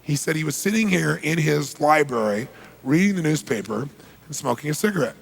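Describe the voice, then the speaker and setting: A man's voice: a little high, lively intonation, fairly quick, vocal fry, big-room sound. A man giving a motivational seminar talk, telling stories and quizzing the audience. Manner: storytelling, asks the audience questions. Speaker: seminar speaker.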